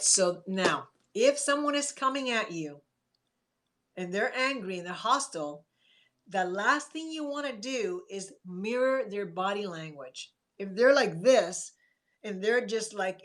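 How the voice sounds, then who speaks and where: A woman therapist talks through a casual live stream in a coaching, conversational way. Her pitch sits in an ordinary middle range for a woman. She greets viewers by name and acts out calm replies. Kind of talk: live-streamed advice talk.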